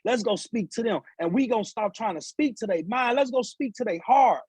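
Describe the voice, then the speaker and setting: A man speaks in a high, breathy-edged voice. He talks like a preacher, repeating himself and rising in force. The room sounds dry and close. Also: animated, a little fast, darkish tone, no room sound, low-quality recording. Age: adult father of seven sons. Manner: preaching, repetitive, rising to emphatic peaks. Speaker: author and speaker, guest. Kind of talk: impassioned podcast talk.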